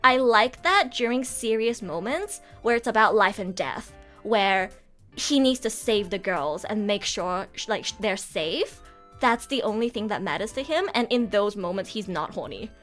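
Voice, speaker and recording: A young woman, a streamer and voice actor, talks through a casual livestream at normal speed with soft background music. Her mid-range voice is expressive and fairly bright, and she comes across as frank and giggly, often stumbling and restarting her sentences.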